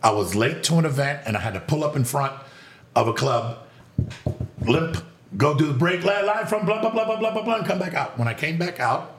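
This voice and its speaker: A man telling a story in casual chat, animated and profane, acting out voices as he goes. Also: a little high, brisk, echoey room, slight background noise. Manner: animated storyteller, acts out voices, swears freely. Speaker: podcast guest telling stories.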